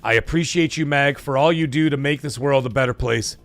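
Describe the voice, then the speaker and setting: A man's voice: mid-range voice, fairly quick, no room sound, faint music behind. A man hosting a casual livestream, swearing freely and reading viewer donations aloud. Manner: excitable, swears often, reads donations aloud. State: emotional, voice catching. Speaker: livestream host.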